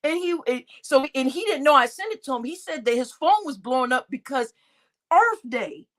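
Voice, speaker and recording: High, animated woman gossiping on a livestream. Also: moderate pace. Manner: animated, laughing often, loud exclamations. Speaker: livestream host. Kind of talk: casual gossip chat.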